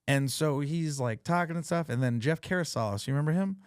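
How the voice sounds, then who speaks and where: A man's voice: a little high, brisk, smooth, no echo, clean studio sound. A man hosting a podcast, telling a story in casual chat, laughing often and swearing freely. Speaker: podcast host.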